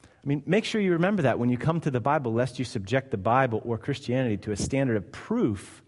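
A man's voice: medium pitch, animated, quick pace, darkish tone. A male pastor delivering a sermon, emphatic and conversational, firing off rhetorical questions. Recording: long hall reverb.

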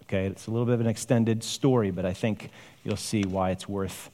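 A man's voice: on the low side, steady tone, a little fast, dark tone, long reverb tail. A male pastor preaching a conversational sermon, asking rhetorical questions and sighing in asides.

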